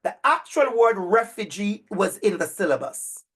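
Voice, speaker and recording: A middle-aged male educator telling a story to an online audience over a video call, animated and emphatic, repeating phrases for effect. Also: sits high, normal speed, slightly rough. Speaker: educator and speaker.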